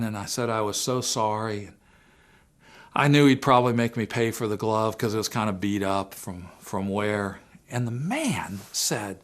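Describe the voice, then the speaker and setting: A man's voice: medium pitch, a bit bright, smooth. A middle-aged man leads a family seminar, telling a personal story in an earnest, storytelling way. He acts out the people he quotes as he goes. His voice sits in a plain middle range. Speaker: seminar speaker.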